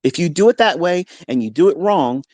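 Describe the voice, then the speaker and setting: A middle-aged man hosting a live audio chat as a trading mentor, talking unscripted from his home basement in a profane, combative way that swings into loud tirades. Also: a little high, animated, a little fast, dry recording.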